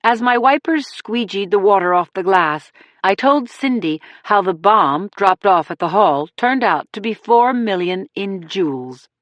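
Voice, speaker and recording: Casting: female audiobook narrator, mid pitch, dry close-mic sound, dramatic measured delivery. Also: lively intonation, no room sound. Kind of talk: first-person audiobook narration.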